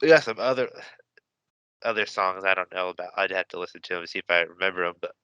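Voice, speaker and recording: A man with a low but very bright, crisp voice rambles along hesitantly and lets his thoughts trail off. The sound is very clear and dry. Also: fast talker, no echo, lo-fi sound. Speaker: podcast co-host. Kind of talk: casual chat.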